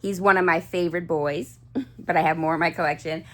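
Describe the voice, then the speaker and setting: A woman's voice: fairly low pitch, fairly even intonation, brisk, a bit bright. A middle-aged woman chatting casually to camera about her dolls, gushing and full of fillers and restarts. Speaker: doll collector vlogger. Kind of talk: casual chat.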